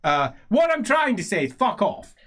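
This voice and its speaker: A man's voice: sits high, very animated, normal speed, a bit bright, voice pushed up. A man doing a blunt stammering old grump. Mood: grumbling. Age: older.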